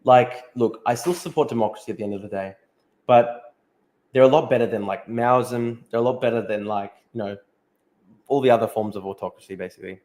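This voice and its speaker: A young man chats loosely on a livestream. He swears freely and laughs his way through posts he scrolls past, in a voice of ordinary pitch. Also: fairly quick, a little mellow. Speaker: livestream host. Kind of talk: casual livestream chat reading comments.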